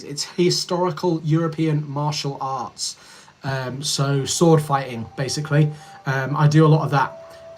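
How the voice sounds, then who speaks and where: A man in his thirties from Yorkshire chats loosely on a livestream, answering comments and drifting off while he edits. His voice sits a little on the high side. Faint music plays behind him. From Yorkshire, England. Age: 30s. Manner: rambling, friendly, easily distracted while editing. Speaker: streamer. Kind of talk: casual livestream chat reading comments.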